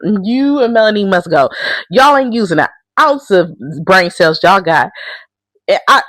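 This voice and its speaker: Blunt, profane woman with a lively voice. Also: mid-range voice, unhurried, dry recording. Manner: blunt, profane, animated storytelling. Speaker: reality show recap host. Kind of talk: casual recap commentary.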